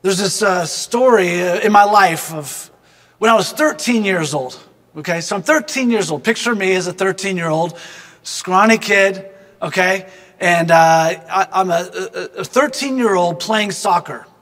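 A man with a high-pitched, slightly bright voice tells a personal story as a devotional reflection, unhurried, earnest and thoughtful. He keeps turning to address the listener, and a long reverb tail trails his voice.

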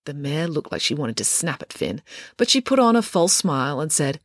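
A woman reads a children's storybook aloud in a playful, expressive way. Her pitch rises and falls lively through the narration. The recording is dry and close to the mic. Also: normal speed, dry recording. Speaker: author and narrator.

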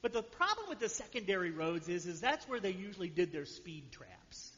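High-pitched guy preaching, keeps going "right?", long echo, kinda muffled audio. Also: big pitch swings, brisk, fairly bright tone. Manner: conversational preaching, frequent "right?" to the congregation. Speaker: pastor. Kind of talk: sermon. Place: church sanctuary. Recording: dull sound with long hall reverb.

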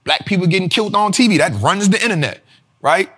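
A man with a high-pitched voice and a bright, forceful edge hosts his own show. He riffs casually about money and investing in a loose, profane way, laughing often and talking straight to his viewers. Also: lively intonation, fast, breathy edge. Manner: addresses viewers directly as y'all. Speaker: show host.

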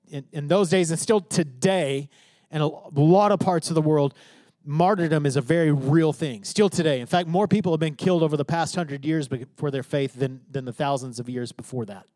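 Man, pastor, sermon, high voice, dry sound, emphatic, loud-to-hushed swings. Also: no echo.

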